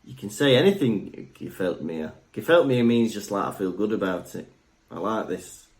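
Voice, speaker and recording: A man's voice: on the low side, moderate pace. A young man co-hosting a podcast, chatting casually in a jokey, rambling way. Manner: jokey, rambling, lively storytelling. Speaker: podcast co-host. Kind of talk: casual chat.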